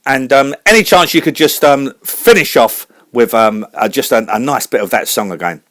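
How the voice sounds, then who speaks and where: A man's voice: mid-range voice, expressive, normal speed, a bit bright, no room sound. A man hosting a comedy radio show, upbeat and teasing in his presenter patter.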